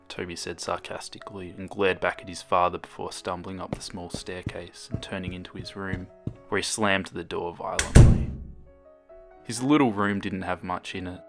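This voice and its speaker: Deep-voiced man narrating a horror story. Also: steady tone, moderate pace. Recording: narration over loud music.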